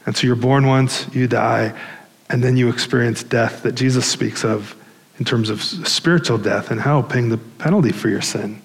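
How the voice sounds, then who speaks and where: A man's voice: medium pitch, normal speed. Man preaching in a reverberant hall. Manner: conversational preaching with fillers and restarts. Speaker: pastor. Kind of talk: sermon.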